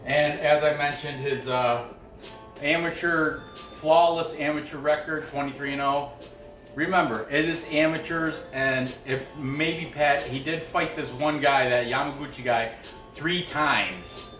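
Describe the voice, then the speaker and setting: A man's voice: fairly high pitch, steady tone, unhurried, fairly bright tone, far from the mic. Man, betting picks host, rambling casual chat, echoey room, faint background music. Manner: loose, chatty, frequent restarts and asides. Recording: roomy echo, off-mic, faint music behind.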